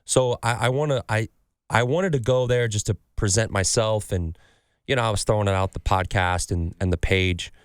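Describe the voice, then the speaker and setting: Man, podcast host, casual card-collecting chat, animated storyteller, swears a lot, dry close studio sound. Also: fairly low pitch, normal speed, smooth, no room sound. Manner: animated storyteller, swears freely, acts out quotes.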